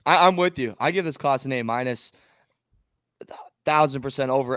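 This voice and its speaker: Excitable man co-hosting a sports podcast. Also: medium pitch, clean tone, no room sound, studio quality. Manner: excitable, emphatic. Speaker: podcast co-host. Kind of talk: casual sports chat.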